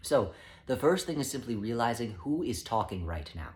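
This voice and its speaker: Man, calm measured spiritual teacher, even mid-range voice. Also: mid-range voice. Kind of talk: spoken teaching talk.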